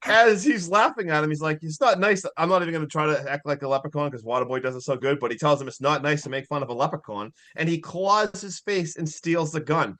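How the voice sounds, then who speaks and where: A man co-hosting a podcast, excitedly recapping a horror movie in casual chat. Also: on the high side. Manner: excitable, swears, recaps in quick bursts with laughs. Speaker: podcast co-host.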